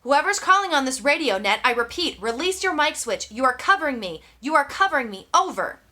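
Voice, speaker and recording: A woman voicing a calm adult male radio operator who speaks in clipped, formal radio procedure in an audiobook. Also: high voice, fairly quick, exaggerated voice. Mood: businesslike.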